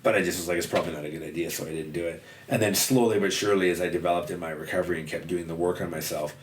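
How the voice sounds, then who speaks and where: A man's voice: low voice, fairly even intonation, very fast, recorded from a distance. A man guesting on a podcast, talking candidly in a casual conversation and swearing freely. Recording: roomy sound, a little off-mic, faint noise.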